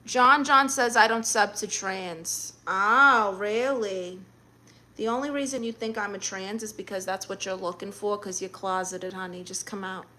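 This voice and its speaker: A woman's voice: mid-range voice, measured pace, bright, forceful tone. A young adult woman hosting a livestream, reading chat messages aloud and answering with sassy, teasing comebacks.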